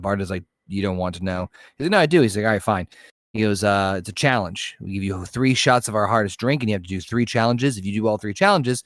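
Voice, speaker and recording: A man with a lowish voice tells a long bar joke, stretching some parts out and rattling through others, with plenty of swearing. The sound is dry and close, with no room to it. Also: dry recording. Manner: rambling storyteller, drawls then rushes, swears freely. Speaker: podcast co-host. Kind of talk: casual joke-telling chat.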